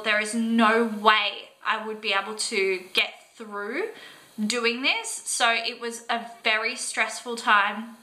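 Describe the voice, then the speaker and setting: A woman's voice: a little high, bright, forceful tone, poor audio. A young Australian woman vlogger telling a personal story to camera, earnest and emotional, full of "like" and "um".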